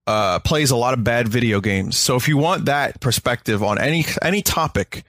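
A man's voice: mid-range voice, normal speed, hardly any pauses, a bit bright, dry recording, studio quality. A man guesting on a podcast in casual chat, laid-back and self-deprecating.

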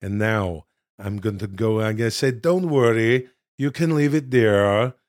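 A man voicing a burly middle-aged male gym owner in a low, hushed, matter-of-fact tone. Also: unhurried, dry recording, clean studio sound, natural voice. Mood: smug.

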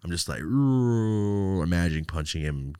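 A man hosting a podcast, telling a story in casual chat, animated and profane with loud outbursts. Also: sits low, a little slow, clear, resonant tone, no room sound, studio quality. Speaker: podcast host.

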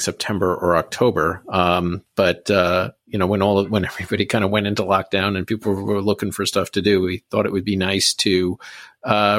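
A man who designs board games, answering in a relaxed interview with many fillers. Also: low-pitched, no echo, studio quality. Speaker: board game designer guest.

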